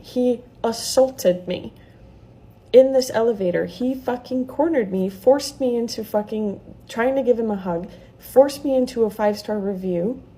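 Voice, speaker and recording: Woman, storytime vlog, gravelly fry, mellow tone, heated, swears a lot. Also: a little high. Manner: heated, profane retelling.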